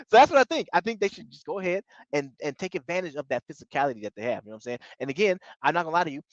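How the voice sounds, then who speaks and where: A man's voice: on the high side, expressive, rapid-fire, hardly any pauses, a bit bright, no room sound, dull audio. A man hosting a basketball live stream, chatting casually in slang, greeting viewers and repeating himself as he talks through matchups. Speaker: basketball channel host.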